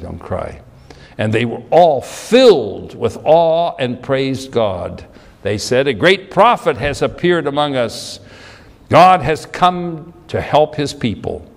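A man preaching a Bible teaching sermon, explaining scripture with questions to the listeners and repeating and restarting phrases. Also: mid-range voice. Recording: long hall reverb.

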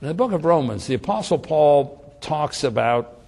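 A male preacher delivering a sermon in a slightly high voice that swings widely in pitch. He tells his story animatedly and often restarts his phrases as he builds each point. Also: expressive, normal speed, gravelly, darkish tone.

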